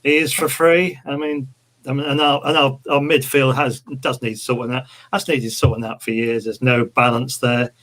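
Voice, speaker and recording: A man's voice: medium pitch, little pitch movement, a bit bright. Hesitant male podcast co-host. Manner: hesitant, halting with restarts. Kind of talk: casual fan podcast chat.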